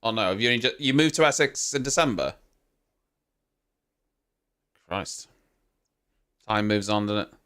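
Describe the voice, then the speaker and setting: A man's voice: on the low side, animated, brisk, pushed and bright, clean tone. A man hosting a live stream, giving casual reaction commentary with chatty, teasing banter and casual swearing.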